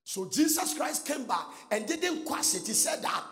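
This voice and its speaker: A man preaching a sermon in a sing-song cadence that swings between shouts and soft asides. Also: very high voice, very animated, normal speed, soft background music. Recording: long reverb of a large hall.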